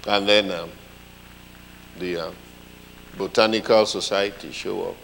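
A man preaching a sermon, telling a story with lively comic voices. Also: sits low, unhurried, gravelly, big-room sound, a little hiss or hum, rough recording.

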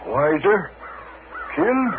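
Dignified accused man: slow, broken phrasing, mid pitch; hissy broadcast. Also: big pitch swings. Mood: proud. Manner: slow, halting broken speech. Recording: tinny lo-fi old radio broadcast with hiss.

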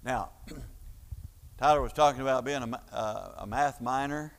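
A man's voice: medium pitch, a little slow, in a large hall. A man preaching a sermon, explaining an idea step by step like a teacher, with frequent fillers and restarts. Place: church hall.

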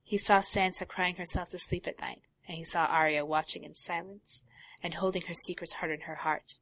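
A woman co-hosting a casual talk show, reading a long passage from a novel aloud and breaking off for quiet asides. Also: fairly low pitch, fairly even intonation, moderate pace, slight background noise. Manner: reads prose steadily, drops to quiet asides. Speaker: podcast co-host.

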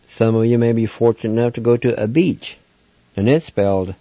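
A man's voice: mid-range voice, fairly quick, dark tone, no room sound, muffled recording. A man hosting a radio language lesson, spelling each word out letter by letter and then sounding it out syllable by syllable. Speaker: radio host teaching vocabulary.

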